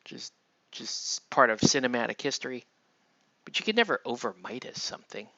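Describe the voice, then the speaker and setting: A man's voice: mid-range voice, very animated, normal speed, bright, forceful tone, highs cut off. A man chatting casually on a live stream while he paints, murmuring half to himself and talking to viewers between brushstrokes.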